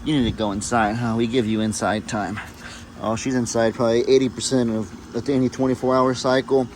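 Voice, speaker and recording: A man's voice: little pitch movement, fairly quick, slight background noise. A man vlogging casually, chatting about his dogs and the farm. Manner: chatty, talks to his dogs in a high coaxing voice. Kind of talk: casual vlog chat.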